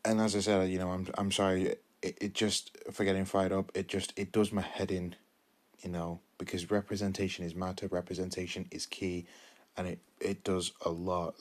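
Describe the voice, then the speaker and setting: A man, talking earnestly in a solo podcast review, often repeating himself and restarting his sentences. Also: low-pitched. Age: 20s. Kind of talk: impassioned solo monologue.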